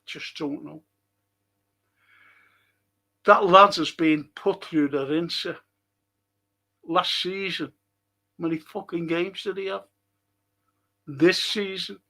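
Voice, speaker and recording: A man's voice: high voice, steady tone, slow, pauses often, sharp tone. A middle-aged man, hosting a casual football livestream and answering viewer comments bluntly, swearing often. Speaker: football podcast host.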